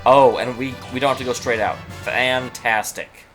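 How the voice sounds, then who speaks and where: A man's voice: mid-range voice, steady tone, moderate pace, fairly bright tone, faint music behind, rough recording. A man giving casual, joking commentary while streaming a video game, chatty and full of "like". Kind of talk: casual let's-play commentary.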